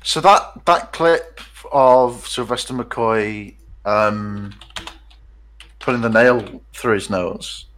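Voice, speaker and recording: A man chatting casually with friends, telling a story quickly with lots of fillers and restarts. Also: mid-range voice, fairly bright tone, a little hiss or hum, low-quality recording. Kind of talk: casual group chat.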